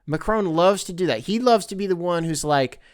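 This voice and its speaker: Male solo podcast host, slightly high, smooth clean voice, dry close sound, rambling and profane. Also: moderate pace, no room sound. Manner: rambling, profane, tongue-in-cheek. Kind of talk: casual solo commentary.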